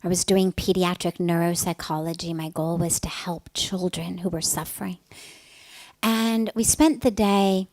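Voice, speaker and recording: A middle-aged woman, a spiritual teacher, telling a personal story in an earnest, emphatic way that often softens to a breathy hush. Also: fairly low pitch, fairly even intonation, unhurried, no room sound.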